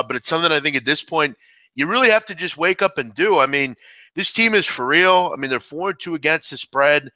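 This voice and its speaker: A man's voice: on the high side, sharp tone, no room sound. A man talking sports betting on a roundtable, rambling with many fillers. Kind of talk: casual roundtable talk.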